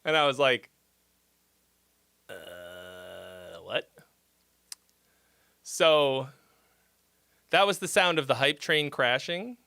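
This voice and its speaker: A man's voice: fairly high pitch, measured pace, pushed and bright, clean tone, no room sound, clean studio sound. A man hosting a casual livestream, reading chat and messages aloud, laughing often and muttering and swearing to himself. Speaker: livestream host giving song feedback.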